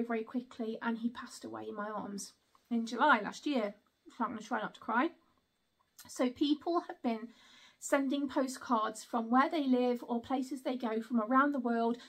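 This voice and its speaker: A woman, chatting through an unboxing and exclaiming often. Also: fairly high pitch. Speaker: vlogger. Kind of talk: casual unboxing chat.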